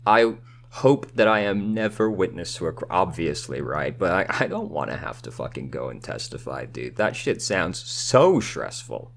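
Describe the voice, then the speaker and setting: Male let's player, casual and chatty with loose swearing, low lively voice, game music under. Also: normal speed, creaky, a little hiss or hum. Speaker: let's play host. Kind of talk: casual gameplay commentary. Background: video game music.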